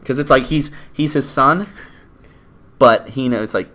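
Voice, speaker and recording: A man co-hosting a casual movie review chat, animated, laughing often and acting out quoted lines. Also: medium pitch, a little slow. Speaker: podcast co-host.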